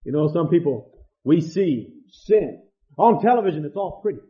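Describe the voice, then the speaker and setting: Impassioned preacher man, high and lively. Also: normal speed. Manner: impassioned, swings from loud to hushed. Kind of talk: sermon. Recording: dull lo-fi sound.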